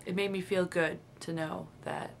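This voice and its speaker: A young woman with a lowish voice shares her feelings in a confessional video diary. She speaks in a dreamy, confiding way, trailing off and restarting her sentences. A faint hiss sits under the recording. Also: fairly even intonation, normal speed. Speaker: vlogger.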